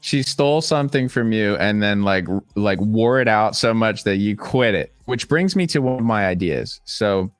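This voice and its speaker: A man giving casual, wry and animated commentary on online videos. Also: fairly low pitch, moderate pace, few pauses, dry recording, clean studio sound.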